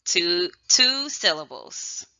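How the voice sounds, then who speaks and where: Woman teacher for a children's phonics lesson, slow and deliberate, bright tone, dry slightly dull recording. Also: fairly low pitch, very animated, gravelly, dry recording. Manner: slow, emphatic, drawn-out enunciation with sudden loud word calls.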